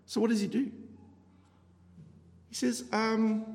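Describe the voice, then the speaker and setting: A middle-aged man preaching a conversational sermon, telling the story with rhetorical questions and a chatty, animated manner. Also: high-pitched, slow pace, vocal fry, long pauses. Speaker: pastor. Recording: long hall reverb.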